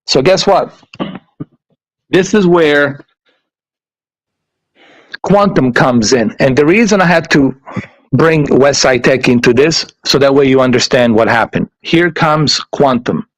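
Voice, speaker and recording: A man ranting casually to his viewers, animated and profane, often repeating himself. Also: medium pitch, slow, long pauses, no echo, rough recording. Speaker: YouTuber.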